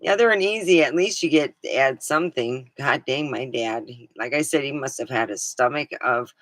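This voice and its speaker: A woman's voice: a bass voice, moderate pace, no room sound, low-quality recording. A woman livestreaming, chatting casually in a meandering way and swearing now and then. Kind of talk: casual rambling chat.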